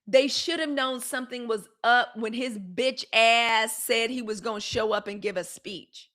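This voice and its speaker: A middle-aged woman hosts a live news stream with a slightly high voice. She talks bluntly and sarcastically, with a lot of swearing. She also answers comments from her viewers. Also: a little fast, few pauses, fairly bright tone. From United States. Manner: blunt, fiery and sarcastic, with swearing and colloquial talk. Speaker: host of a daily live news commentary show.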